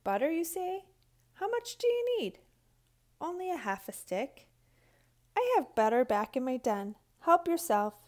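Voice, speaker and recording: A woman voicing a kind, generous female porcupine in a storybook, speaking gently and cheerfully. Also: high voice, very animated, a little slow, pitched above the performer's own voice.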